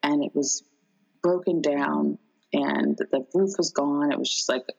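A woman in casual chat, telling a long dream in a rambling, animated way with many fillers. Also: sits low, unhurried, creaky, husky, low-quality recording.

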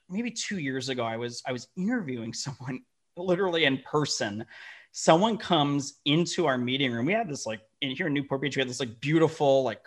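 A man, a company founder guest telling lively, profane stories in a casual interview. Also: medium pitch. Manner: animated, profane, acts out quoted dialogue.

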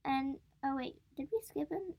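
A woman's voice: sits high, normal speed, gravelly, a little mellow. A woman co-hosting a casual sports podcast, recapping match events with frequent giggles. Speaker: podcast co-host.

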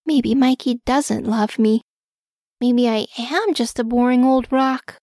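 A woman voicing a timid, insecure little pet rock that speaks in a shaky, halting way in a storybook reading. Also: fairly high pitch, fairly even intonation, mellow, no room sound, clean studio sound. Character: timid shy pet rock, small and unsure.

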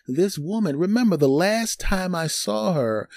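Male podcast host, lively voice, dry close sound, rambling comic storyteller. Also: high voice, a little slow, creaky, dry recording. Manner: animated, digressive, jokey. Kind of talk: storytelling monologue.

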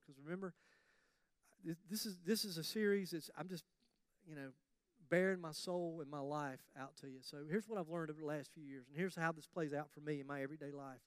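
A high-pitched man preaching to his congregation in a lively, joking, conversational way. His voice is close and dry, with almost no room sound around it. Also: clean tone, dry recording. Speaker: pastor. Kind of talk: sermon.

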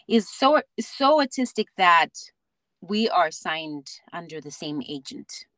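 A woman speaking as a podcast guest, telling stories about her child in an animated way, often restarting her sentences. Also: lowish voice, takes it slowly, no room sound. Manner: animated storytelling with many restarts and laughs. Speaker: podcast guest, mother and theatre actor. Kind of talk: casual interview chat.

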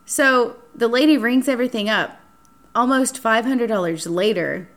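A young woman hosting a casual podcast chat, telling a dating story with lively acted-out quotes and frequent swearing. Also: a little high, normal speed. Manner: animated, acts out quotes, swears freely. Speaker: podcast host.

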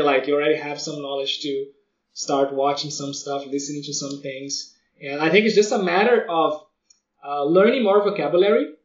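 A man co-hosting a podcast in a relaxed, slangy casual chat, full of "like". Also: on the high side. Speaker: podcast co-host. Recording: roomy, distant, dull audio.

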